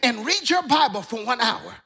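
A man playing a booming old church elder. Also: very animated, normal speed, slightly rough, exaggerated voice. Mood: commanding. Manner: preachy, emphatic, rising to shouts. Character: older male church elder, strong commanding voice.

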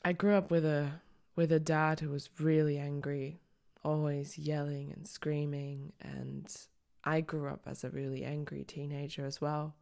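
Young woman host, low voice, raw confessional monologue, blunt and emotional, occasional swearing. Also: little pitch movement, measured pace, creaky, darkish tone. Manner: raw, candid, swears, on the edge of tears. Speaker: podcast host. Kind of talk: personal reflective monologue.

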